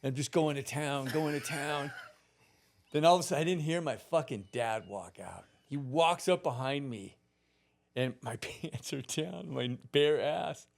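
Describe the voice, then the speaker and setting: A man around sixty, a podcast guest telling a long personal story in a casual, animated way, swearing freely and laughing through it. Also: fairly high pitch, measured pace, creaky. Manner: animated, profane, laughs through his stories.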